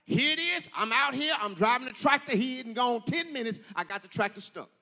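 A male pastor preaching a sermon, telling stories and rising into shouted, sing-song peaks. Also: very high voice, animated, a little fast. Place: church sanctuary. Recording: echoey church hall.

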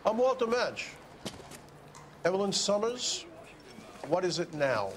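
An actor playing a blunt, weary bar owner in a video game. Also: male voice, sits high, sing-song, slow, crowd noise, full character voice. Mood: dismissive.

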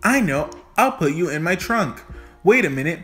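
A man's voice: fairly high pitch, very animated, moderate pace, fairly bright tone, soft background music. A man reading a storybook aloud, voicing a fussy old man who frets and talks to himself. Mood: fretful. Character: fussy old man, fond of his hat.

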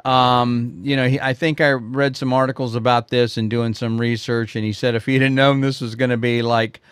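A man's voice: mid-range voice, level tone, moderate pace, clean tone, no echo, clean studio sound. A man teaching photography in a live quiz stream, talking straight to viewers in a rambling, chatty way with many fillers and restarts. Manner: chatty, addresses viewers directly.

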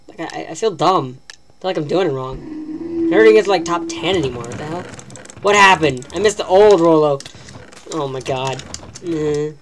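A woman's voice: deep voice, animated, normal speed, long pauses. A woman giving live, self-mocking commentary while playing a video game, talking to herself as she plays. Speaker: gaming channel host.

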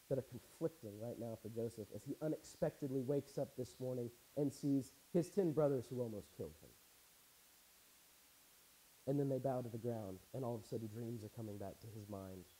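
A man's voice: mid-range voice, dark tone, low-quality recording. A man preaching a casual sermon, reading scripture aloud and adding wry, conversational asides. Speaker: pastor. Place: church.

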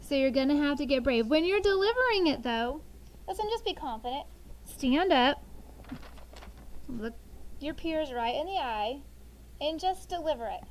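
A middle-aged woman teaching a sixth grade class, talking lively and telling funny family stories to the students. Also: sits high, a little hiss or hum, poor audio. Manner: lively, animated storytelling. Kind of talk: classroom lesson with storytelling.

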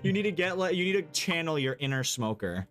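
A man's voice: on the high side, very animated, fast, music in the background. A man chatting casually while playing a game, joking and giggling with friends. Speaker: let's-play host. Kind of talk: casual gameplay chat.

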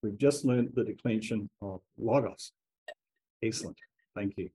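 A man's voice: fairly low pitch, unhurried, mellow, low-quality recording. A man teaching a language class, enthusiastically leading the group through chanted call-and-response drills.

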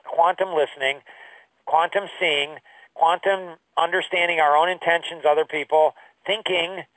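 A man teaching a business course through rambling stories, full of fillers, his voice jumping high when he quotes people. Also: a bit bright, no room sound, recorded from a distance, rough recording. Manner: rambling storyteller with many fillers. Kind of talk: anecdotal online lesson.

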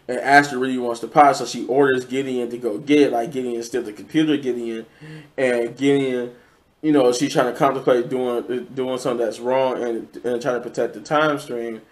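A man talks through a review off the cuff, his voice sitting at an ordinary middle pitch. He restarts sentences often and leans on fillers, keeping a loose, conversational flow. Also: fairly even intonation, moderate pace. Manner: rambling, many fillers and restarts. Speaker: show reviewer. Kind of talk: casual unscripted review.

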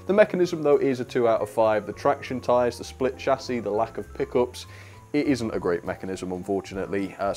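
A man's voice: on the low side, warm tone. A young British man giving a chatty, blunt review of a model train on his video channel, laughing now and then.

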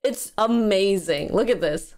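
A woman's voice: medium pitch, measured pace, creaky, a little mellow. A woman hosting a music video reaction, chatting casually with lots of energy, giggles and fillers.

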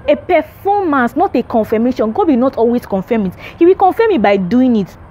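A young woman preaches straight to camera in a vlog. Her voice sits a little high. She drives each point home by repeating it, pressing and exhorting as she goes. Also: very animated, a little fast, dark tone. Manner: emphatic, repetitive, exhorting. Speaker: Christian vlogger. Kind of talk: faith teaching to camera.

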